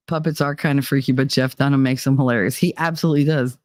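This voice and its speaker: A woman's voice: very deep voice, steady tone, quick pace, hardly any pauses, no echo, clean studio sound. A woman hosting a live stream, chatting casually and reading out comments, rambling and laughing often. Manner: fond of loud, over-the-top talk. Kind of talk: casual chat.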